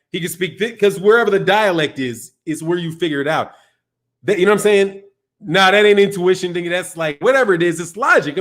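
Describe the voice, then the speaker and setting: A man with a high-pitched voice chats loosely on a live stream, rambling from thought to thought. He drops slang like dog and man, restarts his sentences, and reacts to comments as he reads them. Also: a bit bright. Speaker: boxing channel host. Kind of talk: casual livestream chat.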